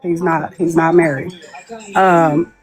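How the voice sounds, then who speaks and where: A woman's voice: on the low side, steady tone, slow pace. A woman, a guest on a live stream, telling a long story in a chatty way and acting out what people said. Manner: chatty, laughs while telling, acts out quoted people. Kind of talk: casual storytelling.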